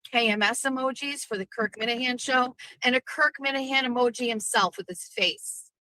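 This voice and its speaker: A middle-aged woman hosting a podcast, ranting brashly with lots of swearing and animated storytelling. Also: on the high side, normal speed, dry recording, low-quality recording. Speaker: podcast host. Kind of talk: profane livestream rant.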